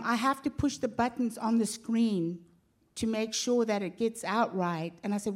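Animated woman telling a church story. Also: a little high, normal speed. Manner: animated, acts out quoted voices. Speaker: pastor's wife telling a story.

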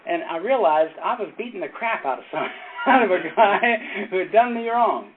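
Man, pastor, casual Bible study, halting restarts, chuckles, faint hiss. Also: high-pitched, animated. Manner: rambling storyteller, halting restarts, chuckles often. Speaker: pastor and former Navy chaplain. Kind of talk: informal Bible study teaching. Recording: tinny phone-like sound with faint noise.

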